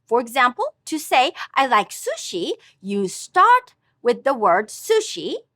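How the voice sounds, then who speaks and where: A woman narrating a scripted language lesson, speaking slowly and carefully as she models pronunciation. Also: high-pitched, wildly swooping pitch, fairly bright tone, no room sound, studio quality. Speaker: language teacher.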